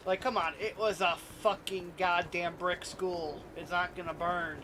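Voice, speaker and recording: Brash, cursing streamer over loud gunfire. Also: male voice, sits high, fairly even intonation, a little slow, heavy background noise. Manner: brash, profane, laughs at own stories. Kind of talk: casual chat while gaming.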